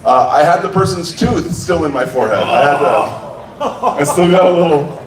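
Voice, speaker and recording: A man's voice: a little high, normal speed, far from the mic. A man hosting an open mic and telling a story in a loose stand-up style, acting out the people in it and laughing along. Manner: loose, laughing, acts out quotes. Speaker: open mic host and comedian. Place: bar comedy room. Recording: echoey room, mic heard from afar.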